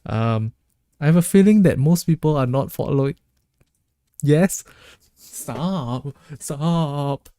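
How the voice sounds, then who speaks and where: A male streamer chatting loosely with his viewers, joking and laughing as he goes. His voice is mellow and a little dark, recorded close and dry with no room sound. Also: fairly high pitch, animated, normal speed, pauses often, no echo. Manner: joking, laughs often, reads chat aloud. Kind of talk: casual live-stream chat.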